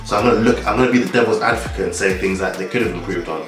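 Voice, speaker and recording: A man's voice: lowish voice, rapid-fire, a bit bright, soft background music. Young man talking in a roomy space. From Nigeria. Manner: rambling, many restarts and "like" fillers. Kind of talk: casual vlog monologue.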